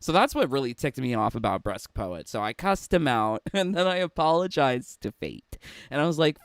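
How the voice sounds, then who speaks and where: A man's voice: medium pitch, expressive, normal speed, clean tone, dry recording, studio quality. A man giving a casual, chatty commentary monologue as a gaming YouTuber, laughing between phrases and restarting often.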